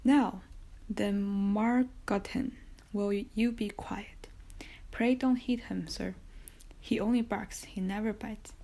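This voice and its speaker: A nervous, bowing innkeeper, middle-aged and overeager to please his guest, as a woman reads him in an audiobook. The voice is gravelly and mellow. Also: mid-range voice, fairly even intonation, takes it slowly. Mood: fawning. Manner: obsequious, eager to please. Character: anxious fawning male innkeeper, middle-aged.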